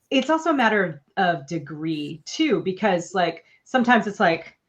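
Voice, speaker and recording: A woman's voice: on the low side, big pitch swings, unhurried, dull audio. A woman co-hosting a podcast in casual chat, rambling and acting out bits of dialogue as she tells stories. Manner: rambling storyteller who acts out dialogue. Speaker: podcast co-host.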